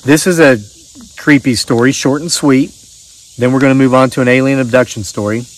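A man's voice: mid-range voice, steady tone, brisk. Folksy man, rambling host. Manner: rambling, folksy, restarts often. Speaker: channel host reading viewer stories. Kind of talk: casual chat and reading aloud.

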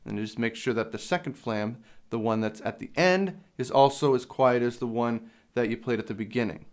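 A man's voice: medium pitch, moderate pace, a little mellow. A young man with a mid-range voice teaches a drum lesson in a practice studio. He explains each step plainly and patiently, with an occasional filler as he goes. The sound is caught on a small handheld recorder. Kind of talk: instructional lesson. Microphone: handheld field recorder.

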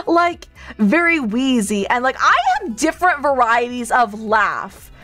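A woman's voice: a little high, lively intonation, a little slow, sharp tone, faint music behind. A woman hosting a playful cafe role-play stream, giggling often and talking sweetly to her viewers. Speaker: streamer host.

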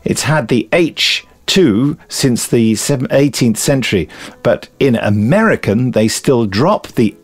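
A man co-hosting a podcast, chatting casually and reading listener emails aloud in a lively, amused way. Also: mid-range voice, takes it slowly. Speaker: podcast co-host.

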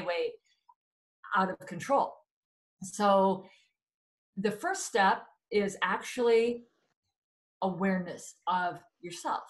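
A woman's voice: mid-range voice, poor audio. A woman speaking as an expert guest in a webinar conversation, earnest and explanatory, sometimes correcting herself mid-sentence.

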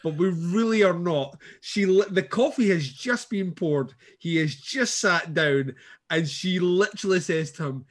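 A male podcast co-host with a fairly high voice, cracking sardonic jokes and swearing freely in a loose, casual chat. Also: unhurried. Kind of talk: casual comedic recap.

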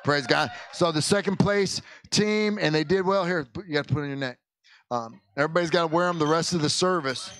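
A man's voice: on the high side, a little fast, fairly bright tone, dry recording. A male pastor making casual, folksy church announcements in the sanctuary, chatty and often breaking off mid-sentence. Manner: folksy, chatty, self-interrupting.

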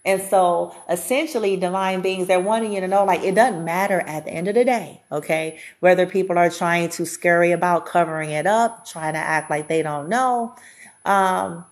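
A woman with a slightly low voice talks straight to her viewers in a loose spiritual chat. She is blunt and chatty and swears without holding back. She often circles back and repeats herself as she works out her point. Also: normal speed. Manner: repeats and restarts while thinking aloud. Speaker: spiritual reader. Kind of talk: casual spiritual talk to viewers.

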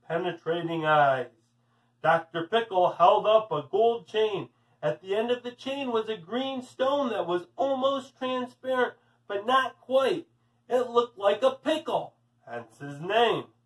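A male teacher reads a storybook to children in a friendly way, with a fairly high voice. He takes his time over the words. The mic picks him up from a little way off. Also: expressive, slow pace, recorded from a distance, rough recording. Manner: friendly, addressing kids. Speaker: teacher reading aloud. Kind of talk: storybook read-aloud for children.

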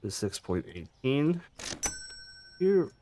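A man's voice: medium pitch, big pitch swings, slow, mellow, slight background noise. A man casually commenting on his gameplay, chatty and jokey, swearing now and then and making asides to his viewers. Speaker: gaming streamer.

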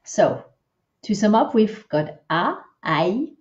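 A woman teaching French pronunciation in an online lesson, patiently modelling words slowly and repeating them, with chatty asides. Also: mid-range voice, big pitch swings, darkish tone, muffled recording, a little hiss or hum.

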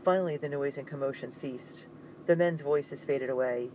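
A man narrating an audiobook in a steady, suspenseful reading. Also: mid-range voice, moderate pace, a little hiss or hum, low-quality recording.

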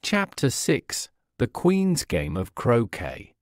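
A man narrating a story slowly and clearly for English learners. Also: mid-range voice, wildly swooping pitch, no echo, clean studio sound.

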